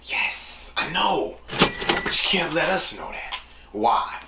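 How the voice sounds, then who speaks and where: A man's voice: on the high side, big pitch swings, slow. Norcal guy rambling on his podcast, does little voices for people, echoey room, noisy background. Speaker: podcast host. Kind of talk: casual solo podcast monologue.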